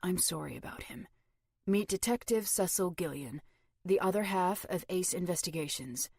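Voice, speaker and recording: A middle-aged male ex-cop with a taut, confident delivery, as a woman reads him in an audiobook. The voice sits low and dry, close to the mic. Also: moderate pace, gravelly, darkish tone, husky, no room sound. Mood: wry.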